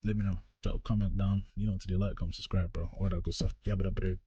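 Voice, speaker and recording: A man's voice: sits low, little pitch movement, very fast, warm tone, husky, no room sound, dull audio. A man reading a visual novel aloud and chatting casually between passages, calling his viewers bro. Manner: casual, says bro often. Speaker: gaming YouTuber.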